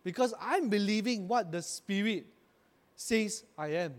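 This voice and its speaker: A man preaching a sermon with a high voice, his words rising in emphatic bursts. He calls on the congregation to repeat lines after him. The sound rings with a long reverb, as in a church hall. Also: unhurried. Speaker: pastor.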